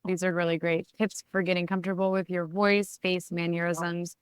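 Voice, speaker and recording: A woman moderates a live online session, putting questions to the host in a friendly, brief way. Her voice is lower than average and clear, and the sound is dry and close, as on a video call. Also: flat delivery, moderate pace, no echo. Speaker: workshop moderator. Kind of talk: reading audience questions.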